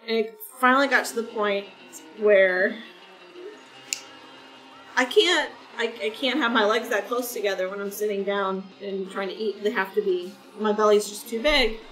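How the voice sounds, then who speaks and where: Woman streamer, rambling easy chat; mic set back in a roomy space, soft game music underneath. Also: medium pitch, moderate pace, distant mic. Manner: rambling, chatty, talks to chat viewers. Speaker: gaming streamer. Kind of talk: casual chat while playing a game.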